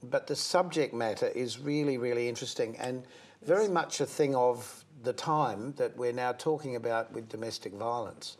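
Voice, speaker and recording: A man's voice: medium pitch, normal speed, breathy edge. A man hosting a studio talk show, welcoming and introducing a guest in a friendly interviewing manner. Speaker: host.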